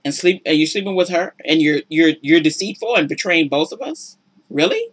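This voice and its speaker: A woman's voice: low-pitched, expressive, moderate pace, husky. A woman giving casual, sassy and preachy commentary on a reality show, exasperated with the people in it. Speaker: relationship commentator.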